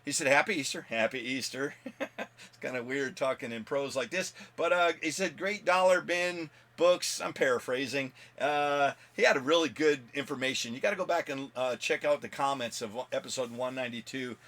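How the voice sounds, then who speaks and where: A man's voice: medium pitch, a little fast, a bit bright. A man hosting his own comic book video blog, talking casually and rambling with many fillers. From United States. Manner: rambling, chatty, with fillers and laughs. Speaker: comic book channel host.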